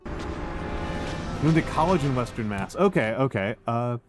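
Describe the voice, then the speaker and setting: A man's voice: medium pitch, expressive, unhurried. An American man chatting casually with viewers on a stream, rambling and self-deprecating, with many restarts. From United States. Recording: music playing behind the voice. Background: music.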